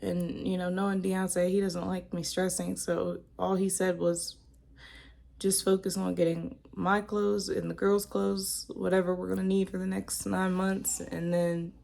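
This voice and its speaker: A woman's voice: fairly low pitch, level tone, measured pace, creaky, darkish tone. A young woman talking to the camera in a personal vlog, emotional and tearful, rambling as she cries on and off. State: crying. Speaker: vlogger.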